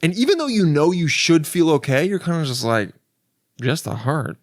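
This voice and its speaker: A man's voice: a little high, very animated, brisk, dry recording. Rambling comedian man, dry close sound. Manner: rambling and self-interrupting, with frequent restarts; loose and profane, with wry asides. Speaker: podcast host and comedian. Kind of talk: casual solo podcast monologue.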